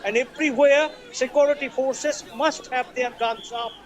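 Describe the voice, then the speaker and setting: A man, a professor on a news debate panel, articulate and firm, lecturing in measured terms. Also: extremely high pitch, fairly even intonation, poor audio.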